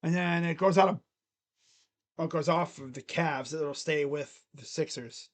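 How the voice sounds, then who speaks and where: A man with a fairly high voice calls a game live for his stream, loud and excited on the plays. Between them he drops into a quiet, casual mumble, chatting loosely with his viewers. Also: unhurried. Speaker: streamer doing live play-by-play. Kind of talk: casual live play-by-play commentary.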